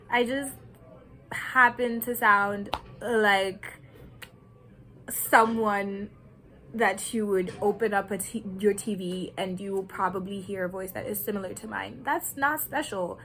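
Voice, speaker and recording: A woman from Kenya giving an earnest, deliberate personal reflection, with nervous laughs now and then. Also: medium pitch, a bit bright, a little hiss or hum, low-quality recording. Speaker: vlogger.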